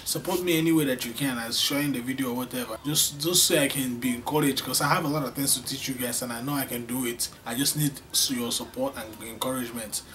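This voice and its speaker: A man's voice: medium pitch, fast talker, hardly any pauses, a bit bright, recorded from a distance, a little hiss or hum. A man teaching an online language lesson, drilling phrases by repetition with playful teasing asides. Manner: emphatic, repeats phrases for drilling.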